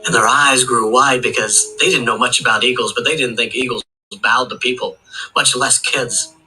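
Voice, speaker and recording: Bright-voiced male storyteller. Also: medium pitch, fairly even intonation, moderate pace, faint music behind, rough recording. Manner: rhythmic, with long chains of "and". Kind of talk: oral folk tale telling.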